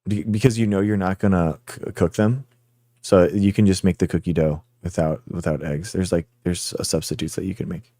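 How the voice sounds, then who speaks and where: Guy hosting a stream, deep mellow voice, rambly chat with viewers. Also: steady tone, a little fast, no room sound. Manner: chatty, rambling, talks straight to viewers. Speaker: livestream host. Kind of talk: casual livestream chat with viewers.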